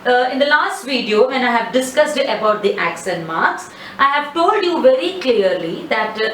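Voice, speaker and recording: Slow, patient woman teaching French numbers. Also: a little high, fairly bright tone. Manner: slow, patient, repeats words for practice. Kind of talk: slide-based language lesson. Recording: echoey room, mic at a distance, faint ambient noise.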